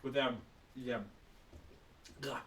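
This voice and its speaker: A man's voice: medium pitch, level tone, slow, echoey room, recorded from a distance, a little hiss or hum. A man co-hosting a game stream, joking around while eating. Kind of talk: casual chat.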